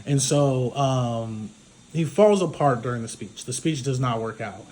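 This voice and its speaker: A man's voice: mid-range voice, lively intonation, measured pace, darkish tone, a little hiss or hum. A man giving a casual spoken recap of a film as a reviewer, rambling with many fillers. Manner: rambling, filler-heavy retelling, full of "like".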